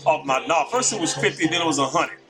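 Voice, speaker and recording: Casting note: male call-in host, slightly high voice, chatty and repetitive, with music clearly playing behind him. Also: animated, quick pace, rough recording. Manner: chatty, repeats the phone number. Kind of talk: casual live call-in talk.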